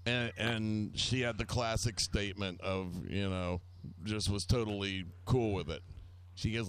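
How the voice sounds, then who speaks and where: A man's voice: on the low side, measured pace, slight background noise. A man telling rambling, self-mocking anecdotes in casual chat, acting out the people he quotes.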